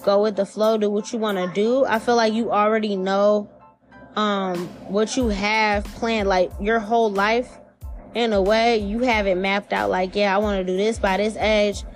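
A woman reading tarot cards in a loose, chatty way, full of slang and swearing. Her voice sits at a middle pitch, and she jumps up in pitch when she acts out imagined voices. Faint music plays behind her. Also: fairly even intonation, measured pace. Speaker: tarot reader. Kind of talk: casual spiritual reading.

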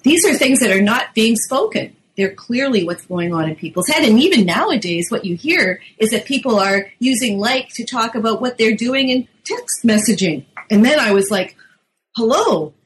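A middle-aged woman, a linguist, answering interview questions about her book in a lively explanatory way, sometimes acting out quotes. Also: fairly high pitch, normal speed, few pauses, poor audio. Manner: lively, acts out teen quotes. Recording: faint background noise.

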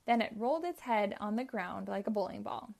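A woman reading a children's chapter book aloud in a slow, clear, expressive way. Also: medium pitch. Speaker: storyteller.

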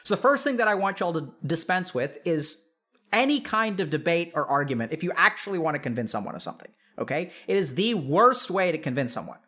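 A man, a psychiatrist, explaining in casual chat to a live audience, animated and full of filler words. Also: a little high, fairly quick. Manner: animated, filler-heavy, addresses audience directly. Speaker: psychiatrist and streamer host.

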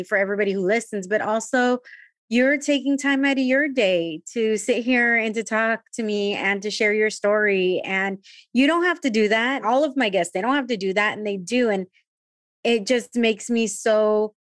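A woman's voice: medium pitch, no echo, studio quality. A woman hosting a podcast, chatty and gushing, sprinkling Spanish words into her English. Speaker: podcast host. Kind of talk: casual interview chat.

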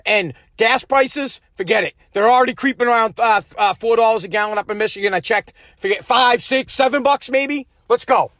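A man hosting his own podcast from a home basement, delivering an angry, profane political rant that swings between shouting and muttering. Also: very high voice, normal speed, few pauses, no echo. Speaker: podcast host.

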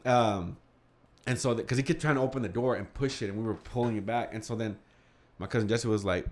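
A young man telling a story casually among friends, animated and swearing, acting out the quotes. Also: lowish voice, fairly quick.

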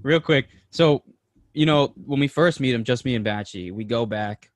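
A man co-hosting a podcast, telling a story in an excited, animated way with plenty of slang and swearing. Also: mid-range voice, moderate pace, no room sound. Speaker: podcast co-host. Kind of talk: casual storytelling chat.

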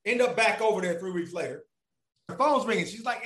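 A man's voice: high voice, a little fast, echoey room. A man telling a long personal story in casual, profane talk, acting out the voices of the people in it. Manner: animated, profane, acts out voices of others.

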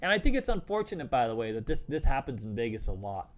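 A man's voice: medium pitch, very animated, quick pace. A man hosting a casual live stream, talking loosely and joking with lots of restarts. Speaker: host.

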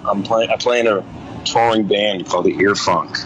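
A man's voice: on the low side, moderate pace, a bit bright, a little hiss or hum, poor audio. A man calling in from the road, talking in a laid-back, enthusiastic, rambling way. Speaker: caller, touring musician. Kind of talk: phone call-in chat. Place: on the road in a vehicle.

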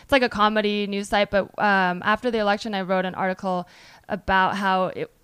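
A woman's voice: mid-range voice, fairly quick, clear, resonant tone, no echo. A woman hosting a podcast interview, chatting casually and telling stories with lots of "like". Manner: chatty, animated storyteller with frequent "like". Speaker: podcast host. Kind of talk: conversational interview.

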